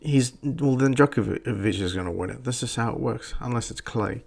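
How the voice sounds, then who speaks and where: A man's voice: medium pitch, moderate pace, gravelly, a little mellow. A man hosting a podcast, ranting bluntly and profanely in a rambling way. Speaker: podcast host. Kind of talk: profane opinion rant.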